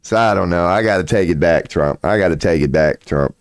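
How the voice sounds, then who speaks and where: Deep-voiced man, profane sarcastic ramble. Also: a little fast, dry recording, studio quality. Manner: profane, sarcastic, drawling Southern-style slang. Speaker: livestream host. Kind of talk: casual rambling livestream monologue.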